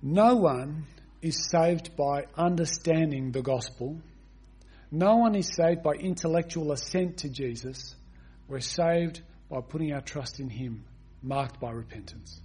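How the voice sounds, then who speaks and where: A man's voice: a little high, a little slow, dark tone, breathy edge. A man preaching an expository sermon, reading scripture aloud and putting rhetorical questions to his listeners. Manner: reads scripture aloud at length.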